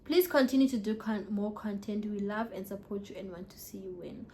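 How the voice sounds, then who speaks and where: A young woman with a mid-range voice speaks fairly quickly in a casual vlog, a little tipsy. She chats and tells animated stories while answering viewer questions, mixing English with local words.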